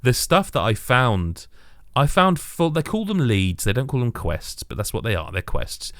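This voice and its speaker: A man's voice: mid-range voice, sing-song, normal speed, a bit bright, no echo, clean studio sound. A man co-hosting a games podcast in casual chat, eager and rambling, often correcting himself.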